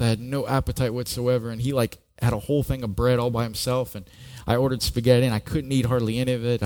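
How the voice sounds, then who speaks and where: A middle-aged man, a pastor, telling his own story in a sermon, earnest and often repeating a word as he starts a thought. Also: medium pitch. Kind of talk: sermon with personal testimony.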